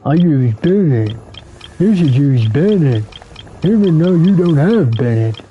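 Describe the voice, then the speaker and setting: A man's voice: a little high, big pitch swings, unhurried, soft background music. A man mimicking a smug male troll player in a taunting, know-it-all voice, on a dull lo-fi recording. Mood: mocking.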